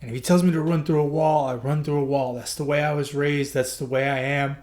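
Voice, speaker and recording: A man's voice: a little high, steady tone, fairly quick, a little mellow. A man hosting a podcast, telling a personal story in an earnest, emotional way, often repeating himself. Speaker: podcast host.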